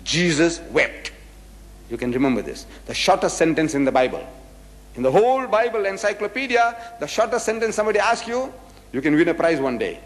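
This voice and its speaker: A man's voice: fairly high pitch, very animated, fairly quick. A man giving a religious lecture, reading scripture verses aloud and explaining them with rhetorical questions. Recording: echoey hall with long reverb.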